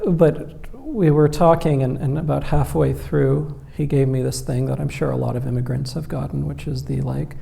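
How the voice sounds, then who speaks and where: A man's voice: mid-range voice, fairly even intonation, normal speed, gravelly, hardly any pauses, warm tone. A man, telling wry stories with many "like" and "you know" as a guest author on stage. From Egypt. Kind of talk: conversational storytelling on stage.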